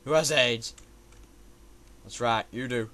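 A man's voice: mid-range voice, slow. A young man commentating his own platformer run in a frustrated way, swearing constantly at the game. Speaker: gamer playing a platformer. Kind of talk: swearing let's-play commentary. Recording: loud typing and keyboard clicks behind.

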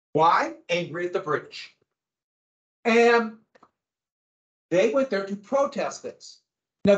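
A man teaching a history class, lecturing in an animated way and quizzing his students as he goes. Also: high voice. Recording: echoey room, dull lo-fi sound.

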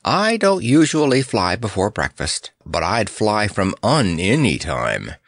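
A jolly, practical male circus clown with a chuckling, brisk way of talking, as a man voices him. The lines jump up and down freely, and the sound is close and dry. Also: on the low side, wildly swooping pitch, fairly bright tone, no echo, full character voice. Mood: warm.

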